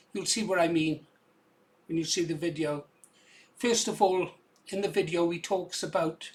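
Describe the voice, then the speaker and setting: A man with an English accent giving casual, conversational commentary on video clips, often adding "yeah?" to his points. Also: high-pitched. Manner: conversational, tag questions like "yeah?".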